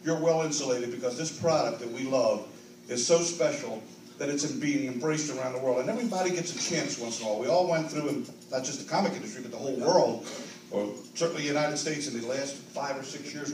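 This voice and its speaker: A man's voice: mid-range voice, quick pace, noisy background. An older man giving a grateful, earnest award acceptance speech at a convention banquet, building to emphatic peaks. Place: large convention banquet hall. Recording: roomy hall echo, distant mic, audible ambience.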